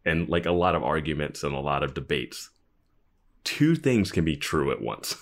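A man's voice: very deep voice, sing-song, normal speed. A man co-hosting a casual chat, easygoing and full of fillers. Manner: easygoing, filler-heavy, laughs often. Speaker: podcast co-host.

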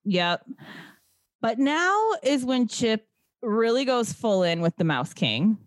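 A woman's voice: on the high side, big pitch swings, takes it slowly, dry recording. A woman in casual chat, recapping a movie with sarcasm and some swearing, acting out the characters' lines.

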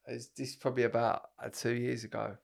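A man's voice: medium pitch, level tone, fast, creaky. A man co-hosting a podcast, chatting casually, joking, swearing and laughing often. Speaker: podcast co-host. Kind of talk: casual chat.

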